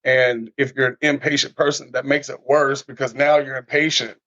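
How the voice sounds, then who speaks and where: A man talks through a casual podcast conversation as an animated storyteller, acting out everyday moments as he goes. His voice sits at an ordinary middle pitch. The sound is dry and a bit dull and lo-fi. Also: normal speed, no room sound.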